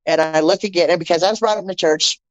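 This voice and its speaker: Talking at a racing pace in a lowish voice, this middle-aged podcast guest animatedly recounts her personal story, acting out dialogue and repeating phrases for emphasis. The recording is dry and low in quality.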